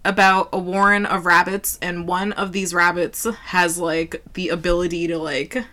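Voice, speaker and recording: A woman talks loosely with a friend on a podcast. Her voice is bright and she leans hard on "like" between words. Her swearing comes easily in the chat. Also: on the low side, flat delivery, normal speed. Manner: swears freely, heavy use of "like". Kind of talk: casual chat.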